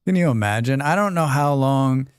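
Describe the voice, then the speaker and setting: A man's voice: medium pitch, expressive, moderate pace, clear, resonant tone, dry recording, clean studio sound. A man streaming a survival game, chatting casually and rambling while reading chat aloud.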